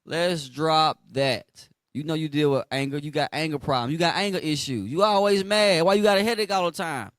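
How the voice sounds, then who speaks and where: A man's voice: on the high side, fast, hardly any pauses, no room sound. A man preaching a street sermon, blunt and slangy, asking listeners to finish the verses.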